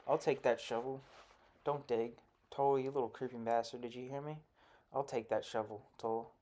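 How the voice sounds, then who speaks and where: A man voicing a shrill, raging older woman who scolds children in loud, sharply enunciated bursts. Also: steady tone, normal speed, close to an everyday voice. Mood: shrieking.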